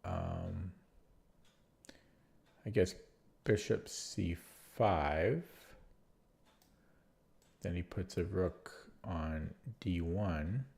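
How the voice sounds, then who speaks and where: Very slowly, with vocal fry and long pauses, a man with a deep, slightly mellow voice mutters chess moves to himself. His allergies leave him nasal and congested as he hesitantly thinks aloud through an online game.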